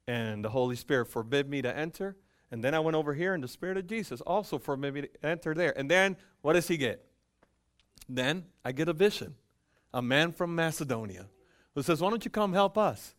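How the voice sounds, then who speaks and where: Animated preacher, rather high voice. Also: male voice. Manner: animated, swings from loud emphasis to hushed quiet; acts out dialogue with God and Paul. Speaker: pastor. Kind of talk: sermon. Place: church sanctuary at a pulpit.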